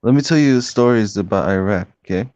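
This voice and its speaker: A man's voice: lowish voice, a little fast, a little mellow, dull audio. A man in a casual heated debate, telling stories in a rambling way, repeating himself and calling people bro. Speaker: debate participant.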